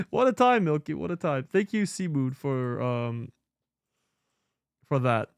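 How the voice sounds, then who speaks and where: A male streamer chatting casually with viewers, excitable and swearing often with lots of exclamations. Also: on the high side, takes it slowly, vocal fry, long pauses, smooth, no room sound, studio quality. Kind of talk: casual live-stream chat.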